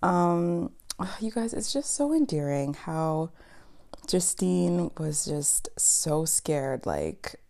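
A young woman from East Africa chats through a TV recap in a low, gravelly voice. She is talkative and animated, laughing often and filling pauses with ums. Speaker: podcast host. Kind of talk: casual chatty TV recap monologue.

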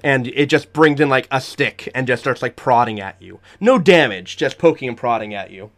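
Male game master, animated, playful tabletop narration. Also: medium pitch, moderate pace.

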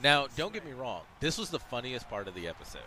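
Opinionated man breaks down an episode, clear background noise throughout. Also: mid-range voice, quick pace. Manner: opinionated, animated when making a point. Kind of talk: casual chat reviewing a cartoon episode. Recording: noisy background.

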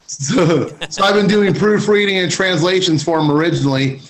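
A man's voice: sits high, normal speed, rough recording. A middle-aged man, a guest cigar writer, chatting in a laid-back, slangy way and saying "man" often. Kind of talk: casual podcast chat.

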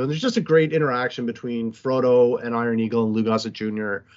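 A man with an ordinary mid-range voice recaps a film in an animated, profane way. The sound is somewhat dull and lo-fi. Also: medium pitch, fast, few pauses. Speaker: podcast co-host. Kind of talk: casual movie recap chat.

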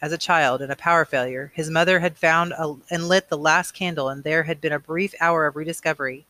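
A man reading a novel aloud, unhurried, with casual asides and small slips. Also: a little high, steady tone, bright, forceful tone, no echo. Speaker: reader.

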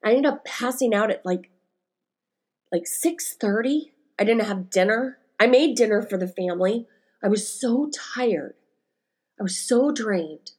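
A woman's voice: fairly high pitch, animated, measured pace, husky. A woman in her forties talks alone into her podcast mic, telling stories from her week. She rambles candidly, with many fillers and restarts. Her voice is emotional, close to tears. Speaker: podcast host and life coach. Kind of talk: casual solo podcast monologue.

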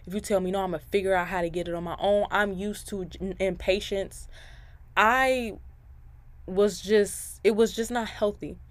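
A woman's voice: medium pitch, steady tone, normal speed, no echo. A young woman in her twenties hosts her own podcast in a casual monologue. She is chatty and candid, speaks right to her listeners, and laughs between her thoughts. Her tone is faith-filled and encouraging. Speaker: podcast host.

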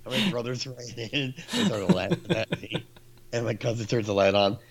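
A man's voice: medium pitch, sing-song, moderate pace, crowd noise. A man in his forties, co-hosting a casual chat about movies and telling stories with laughter. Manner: storytelling, laughs often, acts out quotes.

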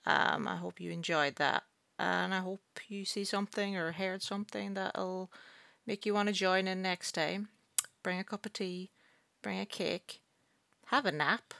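A woman's voice: mid-range voice, steady tone, a little slow, creaky, pushed and bright, no room sound. A young woman with a Black Country accent hosting a podcast, chatting casually, swearing a lot and laughing often. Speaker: podcast host. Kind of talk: casual chat.

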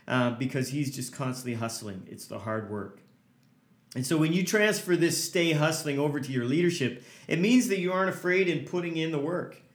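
A man's voice: a little high, roomy sound. A man hosting a motivational podcast as a hockey coach, talking earnestly and hammering points home with repeated lists.

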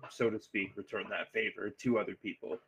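A man's voice: lowish voice, flat delivery, brisk, fairly bright tone, slightly rough, rough recording. A man talking earnestly as a streamer guest on a casual podcast, often restarting his sentences.

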